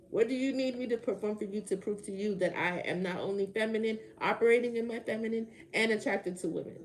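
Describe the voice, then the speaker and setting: A woman's voice: a little high, quick pace, few pauses. A woman doing a tarot reading on a casual livestream, talking back to chat commenters with a sarcastic, swearing edge. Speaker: tarot reader answering a live chat.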